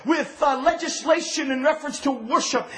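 A man with a strikingly high voice delivers a sermon with fervor. He swings between shouted, ringing declarations and low, hushed passages. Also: moderate pace. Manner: impassioned, often shouting, then dropping low and quiet. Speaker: preacher.

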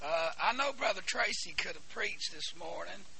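A hoarse man preaching a sermon, halting and repeating words, then bursting into shouts. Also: high-pitched, animated. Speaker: pastor. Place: church.

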